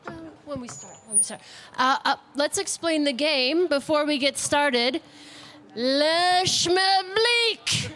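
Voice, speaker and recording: A woman's voice: sits high, moderate pace, hardly any pauses, a bit bright. A woman hosting a word game at an outdoor live radio broadcast, playful and upbeat. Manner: playful and upbeat, laughs often.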